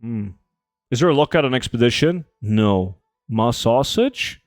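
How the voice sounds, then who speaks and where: A young man chats his way through a game stream, reading out questions from chat and answering them off the cuff. His voice sits at an ordinary pitch, and the sound is close and dry, with no room around it. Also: animated, a little slow, no room sound. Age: 20s. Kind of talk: casual live-stream chat while gaming.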